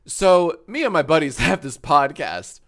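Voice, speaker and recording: A man's voice: fairly high pitch, very animated, measured pace, a bit bright. A man in his thirties chatting casually on a live stream, tipsy from wine, rambling, joking and swearing freely from a home studio. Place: home studio with green screen.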